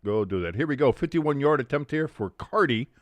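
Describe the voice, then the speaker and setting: Animated, profane male sports host. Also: medium pitch, a little fast, dry recording, muffled recording. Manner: animated play-by-play mixed with profane rants. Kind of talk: live game watch-along commentary and chat.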